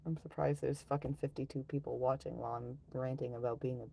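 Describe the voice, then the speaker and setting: Middle-aged woman, live streamer, low gravelly voice, sighs and swears while ranting casually. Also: fairly even intonation, fast, mellow, slight background noise. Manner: ranting, swearing, sighing often.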